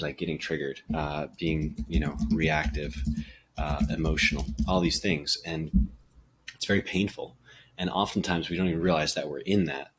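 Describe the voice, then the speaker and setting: Very deep, gravelly-voiced young man. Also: fairly bright tone, slight background noise. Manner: meandering, many fillers, self-deprecating. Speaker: vlogger. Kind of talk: casual reflective monologue.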